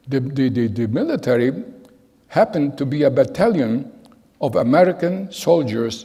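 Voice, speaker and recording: Older man with a husky, gravelly voice. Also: mid-range voice, warm tone. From Germany. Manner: storytelling, acts out quoted voices. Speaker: Holocaust survivor speaker. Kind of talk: personal testimony talk. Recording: hall with long reverb.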